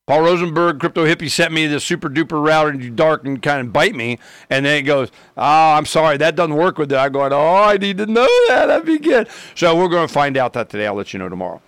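A man's voice: medium pitch, no room sound. Rambling man telling a story, dry sound. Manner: rambling, animated, acts out both sides of conversations. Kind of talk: casual storytelling monologue.

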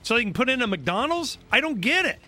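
A middle-aged man hosting a talk radio show, rambling in a loose, animated, colloquial way. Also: very high-pitched, fairly quick, soft background music. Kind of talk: casual political talk radio.

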